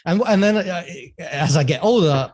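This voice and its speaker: Young guy on a podcast, chatty, laughs a lot, voice a bit on the high side. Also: lively intonation, normal speed, a little mellow. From London, England. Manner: chatty, laughs often, many fillers. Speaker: podcast guest. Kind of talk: casual interview storytelling.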